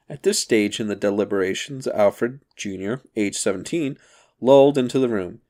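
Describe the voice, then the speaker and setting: A man narrating a comic novel in a measured, even reading. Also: fairly low pitch. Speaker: audiobook reader. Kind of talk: scripted narration.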